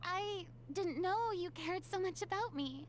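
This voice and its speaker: A woman's voice: very high-pitched, a little slow, a little hiss or hum. An actress voicing a theatrical, fragile young woman deity in a video game, speaking in a dramatic, wistful way. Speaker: game character voice lines.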